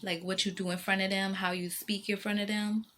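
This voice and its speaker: A woman's voice: mid-range voice, level tone, a little fast, fairly bright tone, a little hiss or hum. A mother talking to her viewers in a casual vlog, rambling and emotional, circling back on herself with many fillers and restarts. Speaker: vlogger and mother.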